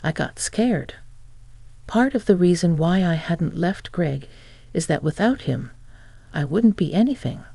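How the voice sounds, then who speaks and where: A woman reading a first-person family drama story in a steady, plain storytelling manner. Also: on the low side, measured pace, vocal fry, breathy edge, dry recording. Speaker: narrator.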